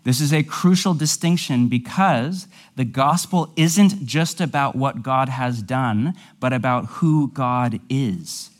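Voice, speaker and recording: A male pastor teaching a sermon in a conversational, explanatory way, with casual asides. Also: a little high.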